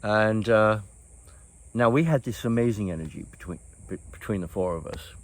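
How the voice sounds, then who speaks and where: A man's voice: on the low side, normal speed. Older man rambling through old stories. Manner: rambling, chuckles often, many fillers and restarts. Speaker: host. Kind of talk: casual reminiscing storytelling.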